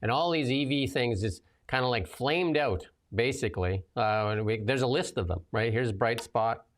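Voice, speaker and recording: With a mid-range voice at a moderate pace, the host of a political talk show rambles casually through his commentary. Sarcastic asides and frequent laughter fill his delivery.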